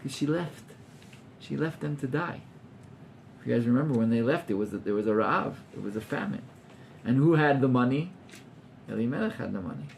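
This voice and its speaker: A man's voice: medium pitch, animated, fairly quick, creaky, slight background noise. A man, a rabbi teaching an informal class to students, talking animatedly and acting out scenes with gasps while mixing in Hebrew terms.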